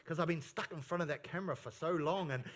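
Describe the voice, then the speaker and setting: Male pastor, high voice, church sermon, emphatic repetition, playful asides. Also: fast, fairly bright tone. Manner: emphatic, repeats key phrases, playful asides. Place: church service. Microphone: fixed microphone on stage.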